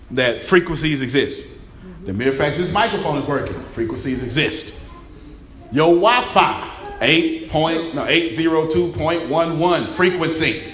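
Raspy guy doing an interactive seminar, kinda high voice, repeats stuff, echoey room. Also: a bit bright. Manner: emphatic, repeats key phrases, quizzes the audience. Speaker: motivational speaker. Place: room with a live audience. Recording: echoey room, faint ambience.

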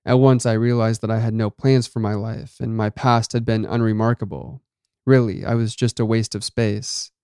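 Smooth-voiced male story narrator. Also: fairly low pitch, level tone, dark tone, no room sound, studio quality. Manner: measured, dramatic reading. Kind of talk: scripted first-person story narration.

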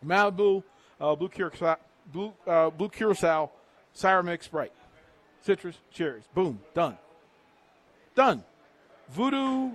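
A man's voice: high-pitched, lively intonation, slow pace, pauses often, a bit bright. A middle-aged man, hosting a live radio remote from a restaurant patio, punchy and hype-building as he reads the sponsor's menu. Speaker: radio host on remote broadcast.

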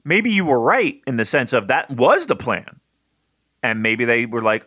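A man co-hosting a podcast, talking in a rambling, excitable way and swearing freely. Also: medium pitch, unhurried, dry recording, studio quality. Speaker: podcast co-host. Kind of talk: casual wrestling review chat.

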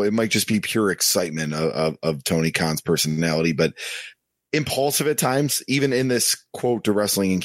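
A man's voice: low-pitched, no room sound, clean studio sound. A man co-hosting a business podcast, talking casually and reading quotes aloud with frequent fillers. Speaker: podcast co-host.

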